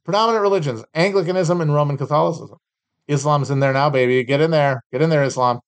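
Male podcast host, slightly higher voice, sardonic and profane, rambling solo commentary. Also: quick pace, smooth. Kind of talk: solo live commentary, reading and mocking trading cards.

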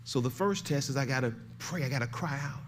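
An older man preaching a sermon as pastor, swinging from shouted pleading to hushed, low emphasis. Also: animated, brisk, slight background noise.

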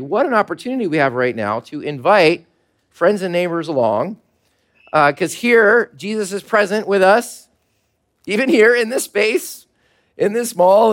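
A man, a pastor, preaching a sermon to his congregation in a relaxed, conversational way with light laughter. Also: high-pitched. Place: church service held in a mall.

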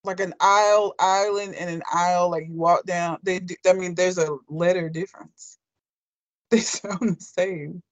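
A person from Alabama chatting casually in a relaxed, measured way. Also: medium pitch, dry recording. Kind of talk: casual chat.

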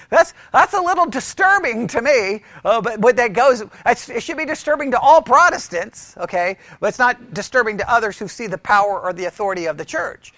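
High-voiced preacher asking the room questions. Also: male voice, moderate pace, no room sound. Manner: animated, asks the room questions, mimics critics; restarts and repeats words often. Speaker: pastor teaching church history. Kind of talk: sermon-style lecture. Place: church meeting room.

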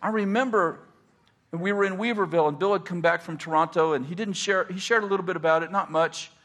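A middle-aged man, a pastor, telling stories in a casual, animated way and laughing often as he talks. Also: high-pitched, fast. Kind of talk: casual storytelling.

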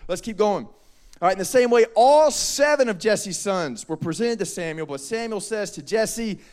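A youth pastor with a high, bright-toned voice preaches to a group of young people. He talks in a casual, slangy, energetic way and acts out the people in the story in quick voices. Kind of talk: youth sermon.

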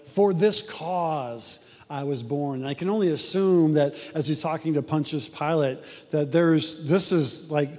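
A man's voice: on the high side, darkish tone, in a large hall. A man preaching a sermon as pastor, in a conversational way with frequent fillers and restarts.

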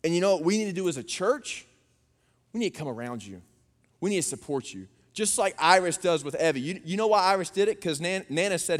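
A man gives a lively, down-to-earth sermon. His voice sits fairly high, and it rings out with a long hall echo. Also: fairly quick. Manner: animated, folksy preaching with storytelling. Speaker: pastor.

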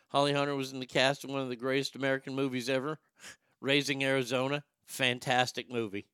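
A man's voice: mid-range voice, little pitch movement, fast, sharp tone, smooth, no echo, clean studio sound. A man hosting a vlog, ranting in a crude, opinionated monologue and stammering over his words. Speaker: vlog host.

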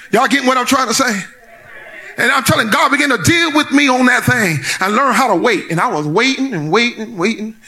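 High-voiced preacher man, bright and lively. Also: brisk, breathy edge. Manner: playful storytelling, builds to shouted preaching. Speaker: pastor. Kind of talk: sermon.

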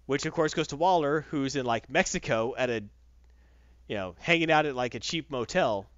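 A man retells a comic story in an easygoing podcast chat, his pitch jumping around as he slips into quick voices for the characters. The sound is dry and close, with a dull, lo-fi tone. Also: lively intonation, no echo. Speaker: podcast host reviewing comics. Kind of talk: casual comic book recap.

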